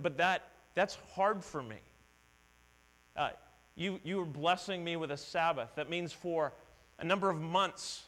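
With a fairly high pitch and fairly bright tone, a middle-aged pastor preaches a sincere, conversational sermon in a church sanctuary, dramatizing the voices he quotes. There's long hall reverb and a mains hum in the recording.

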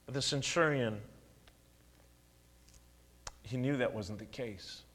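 A man preaching a sermon, his delivery swinging widely in pitch and loudness as he acts out quotes. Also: takes it slowly, big-room sound. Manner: animated preaching with dramatic swings in pitch and volume, acted-out quotes. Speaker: pastor.

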